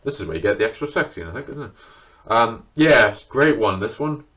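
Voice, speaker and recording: This video creator runs through his film collection in an unscripted, enthusiastic chat to camera, swearing freely. His voice is fairly low and a bit bright, expressive and a little fast.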